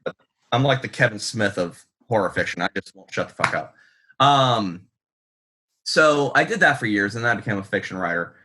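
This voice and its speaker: This man from the United States speaks animatedly at a moderate pace, his voice low-leaning and sharp in tone. He's a guest author in an interview, telling casual stories that ramble, swear, and run himself down, peppered with ums.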